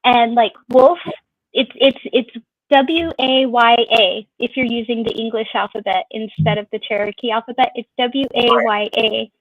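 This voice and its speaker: A woman's voice: on the high side, steady tone, normal speed, no room sound, lo-fi sound. A woman streamer chatting casually in an open group conversation, musing and drawing out her phrases. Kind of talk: casual chat.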